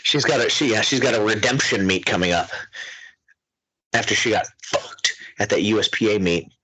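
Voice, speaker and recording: A man's voice: on the low side, normal speed, sharp tone, slight background noise, rough recording. A man hosting a podcast, talking in a crude, mocking, profane casual chat. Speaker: podcast host.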